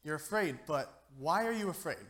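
A man's voice: fairly high pitch, animated, normal speed, fairly bright tone. A young man giving an informal sermon to a church, joking and chatty, often checking in with the listeners. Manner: joking, conversational, keeps asking "okay?". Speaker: lay speaker giving a youth sermon.

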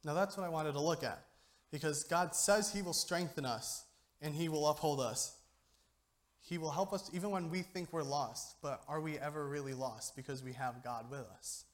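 A man's voice: fairly high pitch, moderate pace. A young man giving an informal sermon to a church, joking and chatty, often checking in with the listeners. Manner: joking, conversational, keeps asking "okay?". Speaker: lay speaker giving a youth sermon.

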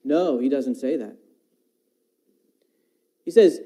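Guy preaching a sermon, high-pitched, keeps quoting verses and asking if you see the difference. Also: lively intonation, unhurried, long pauses, mellow, low-quality recording. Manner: quotes scripture, asks the listeners questions; talks about teaching his own children.

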